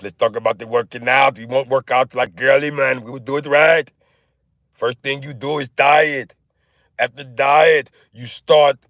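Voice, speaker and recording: A man's voice: medium pitch, a bit bright, dry recording, studio quality, voice pushed up. A man putting on a boastful bodybuilder-trainer impression, barking hyped-up workout advice into a phone. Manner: barking, hyped-up coaching with drawn-out instructions.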